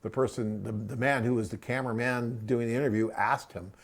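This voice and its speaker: A man hosting a live webcast and answering viewer questions in a chatty, rambling way, often tagging on "right?" and pausing with "um". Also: medium pitch, fairly even intonation.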